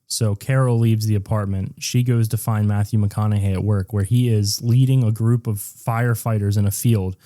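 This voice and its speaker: A man's voice: on the low side, steady tone, normal speed, hardly any pauses, warm tone. A man co-hosting a podcast, recapping a movie in crude, joking casual chat. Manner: crude, joking, acts out characters in put-on voices. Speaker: podcast co-host.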